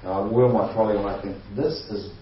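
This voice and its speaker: A man tells a funny anecdote with a lively delivery, slipping into other people's voices and chuckling along the way. He sounds set back from the mic in a very echoey space, and the sound is a little dull. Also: lowish voice, racing, far from the mic, a little hiss or hum. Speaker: guest storyteller. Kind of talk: comedic anecdote.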